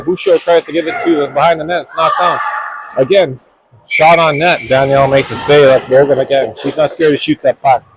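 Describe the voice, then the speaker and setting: A man calling a high school hockey game play by play, talking in a quick running flow and correcting names as he goes. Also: noisy background. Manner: rapid running description with self-corrections. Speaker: play-by-play announcer. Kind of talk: live hockey commentary. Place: ice rink.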